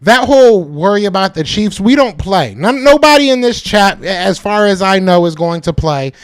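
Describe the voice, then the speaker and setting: A male podcast host talking to his live chat, hyped and emphatic, repeating himself, with a voice that is going hoarse. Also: sits high, big pitch swings, moderate pace. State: losing his voice, coughing. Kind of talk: live-stream fan talk to chat.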